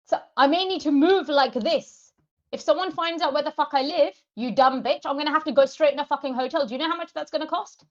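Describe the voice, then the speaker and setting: A woman on a livestream, furious and swearing hard as she talks straight at her viewers. Her voice sits a little high, and the stream audio is slightly dull and lo-fi. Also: a little fast. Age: adult parent of two. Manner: furious, heavily profane, addresses viewers directly. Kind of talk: angry livestream rant.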